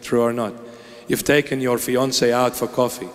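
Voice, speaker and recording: A man's voice: mid-range voice, flat delivery, moderate pace. A man delivering an emphatic, theatrical sermon as a preacher. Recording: long echoing reverb.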